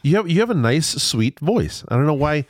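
A podcast host chats casually in a slightly high, sing-song voice at a moderate pace. He sounds congested and nasal from a stuffy nose, rambling, repeating words and restarting often. The recording is studio quality with no echo.

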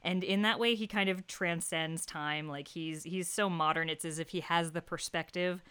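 A woman co-hosting a casual podcast chat, enthusiastic and quick to laugh as she explains at length. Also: lowish voice, fairly even intonation, fairly bright tone, smooth, no echo. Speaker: podcast co-host. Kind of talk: casual chat about a TV comedy.

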